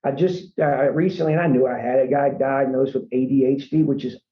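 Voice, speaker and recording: A man's voice: mid-range voice, steady tone, a little fast. A man who runs a franchise company, guest on a podcast, telling his story in an earnest, rambling way and often saying "man". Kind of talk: casual storytelling interview. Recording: echoey room, dull lo-fi sound.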